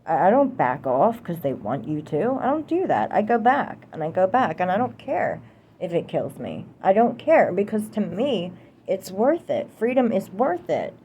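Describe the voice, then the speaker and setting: A woman's voice: on the low side, big pitch swings, moderate pace, dark tone, slight background noise. A young American woman delivering a heated, profane political rant to camera, repeating herself for emphasis. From United States. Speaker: vlogger.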